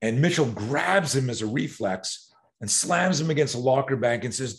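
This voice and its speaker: A man in his sixties telling stories as a podcast guest. He is animated and profane, and he acts out quotes. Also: mid-range voice, normal speed. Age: 60s. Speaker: self-defense expert guest. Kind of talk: podcast storytelling.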